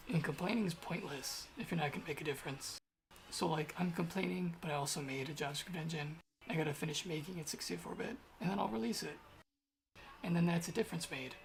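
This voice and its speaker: A man's voice: a little high, quick pace, vocal fry, slight background noise. Young man muttering while he codes. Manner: rambling, grumbling, muttering to himself. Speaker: programmer streaming his coding. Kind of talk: casual thinking aloud while coding.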